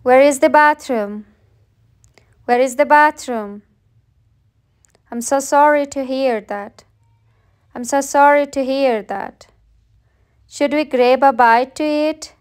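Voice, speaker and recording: A woman English teacher reading short everyday phrases aloud for learners, saying each one slowly and plainly, often twice. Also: high voice, smooth. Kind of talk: slow read-aloud phrase drill.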